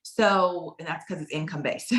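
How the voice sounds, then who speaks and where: A woman's voice: lowish voice, unhurried, fairly bright tone. A woman consultant telling her personal story in a casual, chatty way, often repeating phrases for emphasis. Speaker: direct sales consultant.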